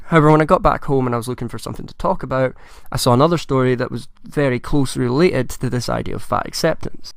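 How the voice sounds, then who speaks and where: Hoarse, croaky man. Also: medium pitch, no room sound. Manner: measured, thoughtful, conversational. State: hoarse, croaky from a chest infection. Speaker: commentary vlogger. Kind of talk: solo commentary vlog.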